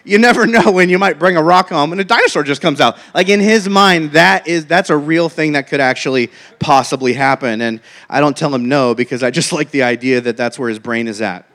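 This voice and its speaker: High-voiced joking preacher man. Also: brisk, hardly any pauses, fairly bright tone. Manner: chatty, joking storyteller.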